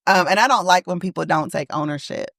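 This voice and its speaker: A woman co-hosting a podcast in casual chat, emphatic and quick to laugh. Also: on the low side, a bit bright, dry recording, studio quality. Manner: chatty, laughs often, emphatic. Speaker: podcast co-host.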